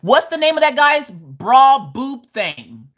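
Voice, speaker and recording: A woman hosting a casual crafting livestream from her desk at home, reading out viewer comments in a loud, bawdy, joking way and laughing often. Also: high-pitched, big pitch swings, takes it slowly. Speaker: livestream host.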